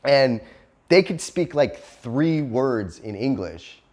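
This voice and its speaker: A male vlogger living in Cambodia tells a casual story, laughing often, swearing freely and imitating other people's voices in a loose, profane manner. His medium-pitched voice is expressive, slow and somewhat dark in tone.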